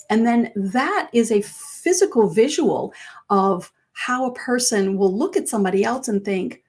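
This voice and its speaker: A middle-aged woman life coach speaking to viewers in a conversational way, acting out quoted phrases with big jumps in pitch. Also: normal speed, darkish tone.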